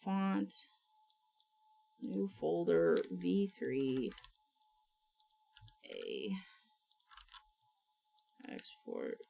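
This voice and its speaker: A woman streamer talking to herself on a casual livestream, with vocal fry in her voice. She speaks slowly but her pitch swings widely. She reads instructions half aloud and swears offhandedly. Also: lively intonation, a little hiss or hum.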